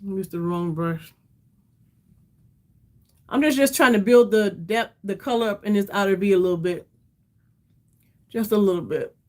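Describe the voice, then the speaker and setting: A woman's voice: mid-range voice, normal speed, pauses often. A middle-aged woman hosting a casual makeup livestream, chatty and rambling, calling her viewers "y'all" and sounding tired. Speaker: beauty livestream host.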